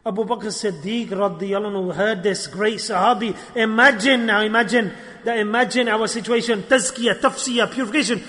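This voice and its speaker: A man giving an animated storytelling sermon at a gathering, acting out dialogue and using Arabic religious terms. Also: high-pitched, a little fast. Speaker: preacher. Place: gathering hall. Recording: long hall reverb.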